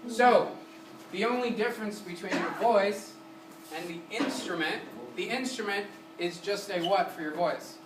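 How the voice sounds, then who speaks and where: Male music teacher, energetic classroom delivery with quick questions and sung demos; distant, roomy recording with background noise. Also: sits high. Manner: sings short syllables to demonstrate. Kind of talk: classroom lesson. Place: community center room.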